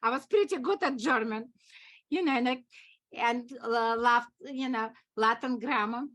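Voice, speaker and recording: A woman from Russia with a Russian accent, an acting teacher telling stories in halting English and laughing often. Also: a little high, a bit bright. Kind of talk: conversational storytelling.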